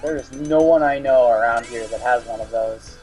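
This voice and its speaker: A man's voice: mid-range voice, normal speed, a little mellow, soft background music. Young man chatting and laughing on a voice call. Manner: chatty, laughs easily, explains at length. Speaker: co-commentator. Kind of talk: casual gaming commentary.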